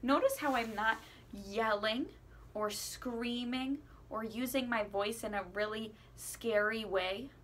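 A woman's voice: slow pace, a bit bright. Encouraging woman teaching kids to sing. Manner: encouraging, asks the listener questions; playful, swoops her voice high and low. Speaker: music teacher. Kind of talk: children's singing lesson.

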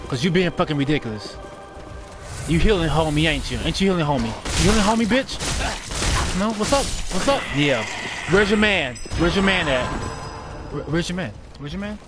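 A man's voice: on the high side, lively intonation, brisk, loud music behind the voice. A man doing live gameplay commentary, trash-talking and cursing at enemies while he plays. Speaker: gaming streamer.

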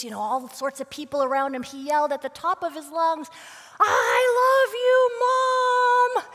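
A woman in her forties, a guest speaker telling stories to a church congregation on Mother's Day, with lively storytelling and acted-out shouts. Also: high-pitched. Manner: warm storytelling, acts out her son's shouts. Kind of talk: Mother's Day sermon talk. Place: church sanctuary. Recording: long hall reverb of a church.

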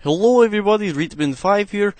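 A man doing gameplay commentary in a cheesy put-on Russian accent, speaking halting, broken English into a headset. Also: high-pitched, expressive, a little mellow, dry recording. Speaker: gaming commentator.

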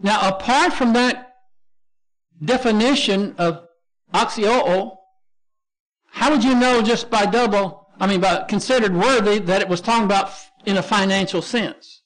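Teaching a Bible lesson, a Texan-accented pastor with a high, a bit bright voice talks a little slowly. He explains each word in turn, spells out the Greek terms, and frequently starts over.

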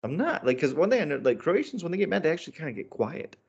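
A middle-aged American man, an author and comedian, chatting in an interview and telling animated stories with many fillers and restarts. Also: fairly high pitch, rapid-fire, creaky, slightly rough, lo-fi sound. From United States. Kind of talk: casual interview chat.

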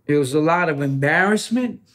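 A man's voice: on the high side, lively intonation, fairly quick, a bit bright. A man telling a personal story as an interview guest, acting out quotes and knocking sounds. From New York City.

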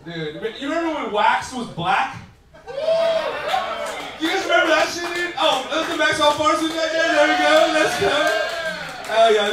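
A high-voiced man riffing crude and rambling with the audience, often laughing through his own lines. He sounds far from the mic, and his voice echoes heavily through a club full of people. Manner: profane, rambling, laughs often mid-sentence. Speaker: stand-up comedian. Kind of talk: crowd work stand-up. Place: comedy club stage. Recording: far-off roomy club recording with crowd.

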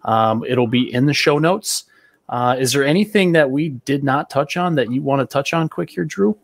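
A man's voice: mid-range voice, moderate pace, creaky, no echo. A man hosting a podcast interview, talking casually with fillers as he wraps up and points listeners to resources. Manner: casual, filler-heavy, upbeat wrap-up. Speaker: podcast host.

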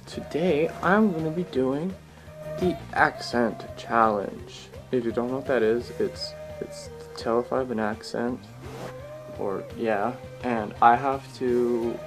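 A man from Alberta with a Canadian accent, chatting casually to camera and reading a list of words aloud with little asides. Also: medium pitch. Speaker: vlogger.

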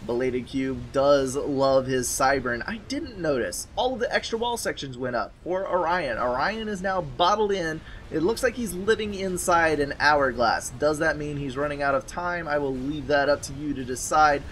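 A man's voice: a little high, lively intonation, normal speed, few pauses, fairly bright tone, slight background noise. Man casting a strategy game, wry. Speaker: game caster. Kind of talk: game commentary.

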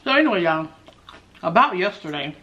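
A woman's voice: fairly low pitch, very animated, brisk, sharp tone, muffled recording, a little hiss or hum. A young woman, chatting casually and laughing as she eats for a mukbang video. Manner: chatty, laughs often, addresses viewers as y'all. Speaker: mukbang vlogger. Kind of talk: casual chat while eating.

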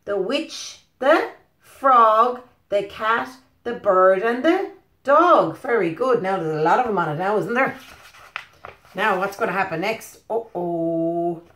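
Animated woman reading to children. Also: medium pitch, measured pace, roomy sound. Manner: animated, asks the children questions. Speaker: preschool teacher. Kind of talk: reading a picture book to children.

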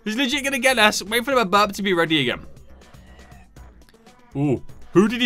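Energetic male gamer, self-narrating, bright and sharp delivery with soft music under. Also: high-pitched, brisk, pauses often. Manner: animated, shouts and talks to himself while playing. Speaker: gaming YouTuber. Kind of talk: excited gameplay commentary.

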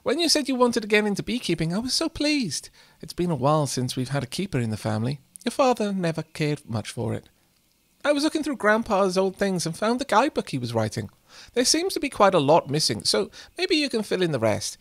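A man voicing a doting, chatty elderly grandmother who fusses over her grandchild with rapid questions. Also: sits high, wildly swooping pitch, dry recording, voice pushed up, full character voice.

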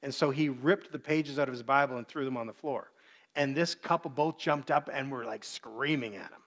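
A man's voice: fairly high pitch, expressive, brisk. Earnest man preaching a sermon. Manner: earnest, acts out quoted voices. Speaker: pastor.

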